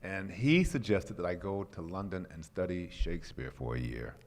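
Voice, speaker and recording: A man from Chicago in his sixties, an actor telling a lively anecdote on a panel and quoting the people in it. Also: low-pitched, normal speed. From Chicago, USA. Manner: animated storyteller, quotes others, clears throat. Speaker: actor guest at convention panel. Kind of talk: storytelling anecdote. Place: convention hall. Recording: hall reverb.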